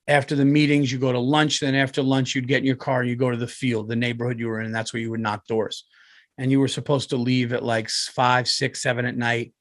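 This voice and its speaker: A man, telling a rambling, profane story on his podcast and loudly acting out other people's voices. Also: mid-range voice, little pitch movement, brisk, no room sound, clean studio sound. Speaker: comedian and podcast host. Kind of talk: casual storytelling.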